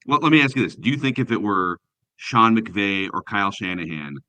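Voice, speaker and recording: A man's voice: lowish voice, expressive, a little fast, bright, forceful tone, no room sound. A man hosting a football podcast, putting leading questions to his co-hosts. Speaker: podcast host. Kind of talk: casual sports talk.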